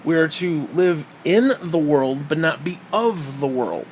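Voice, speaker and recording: A man's voice: on the high side, sing-song, unhurried. A man ranting in a crude, sarcastic and heated way to his viewers, swearing often, with a faint air-conditioner hum behind him. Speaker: vlogger. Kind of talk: profane ranting commentary.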